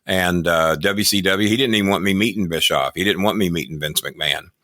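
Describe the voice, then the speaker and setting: Brisk and forceful, with a low but bright voice, the ex-wrestling manager boasts and swears his way through long, rambling anecdotes as a podcast guest. This older American's audio is dry and studio quality.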